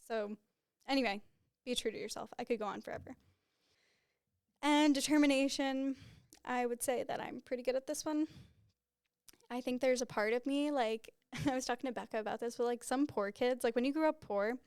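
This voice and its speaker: A young woman hosts her own podcast in a casual solo monologue, chatty and candid, with frequent "like" fillers and laughs. Her voice is fairly high and smooth, with a dry, clean studio sound.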